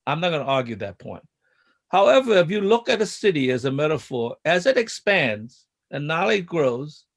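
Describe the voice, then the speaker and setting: A man's voice: fairly high pitch, fairly bright tone. A man in a study group telling a rambling story, chuckling at his own points. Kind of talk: casual group discussion.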